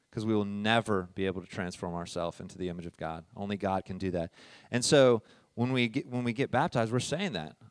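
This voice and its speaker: A middle-aged pastor preaching a sermon in a conversational way, often checking in with "all right?" and moving from soft asides to loud emphasis. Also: male voice, medium pitch, no echo, clean studio sound.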